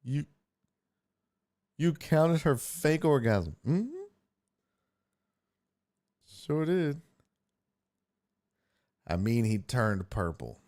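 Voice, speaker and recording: A young podcast host jokes around and swears freely on a casual sports show, animated and profane. His mid-range voice moves very slowly, broken up by long pauses.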